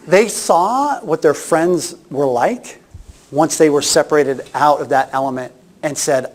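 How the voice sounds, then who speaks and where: A man's voice: a little high, normal speed. A middle-aged man giving a casual workshop talk, chatty and anecdotal, often restarting his sentences. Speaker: workshop presenter.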